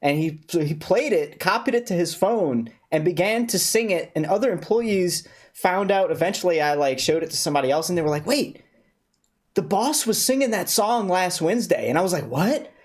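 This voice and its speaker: A man's voice: a little high, brisk, few pauses. A man hosting a livestream, chatting casually with strangers and repeating words as he thinks. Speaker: livestream host. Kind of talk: casual chat on a video-chat stream.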